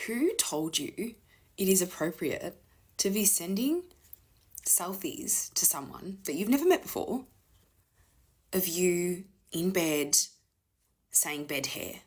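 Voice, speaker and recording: A woman's voice: fairly low pitch, sing-song, takes it slowly, long pauses, slightly rough. A woman ranting to camera, exasperated, slipping into half-whispered asides. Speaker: woman ranting about men online. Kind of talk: rant to camera.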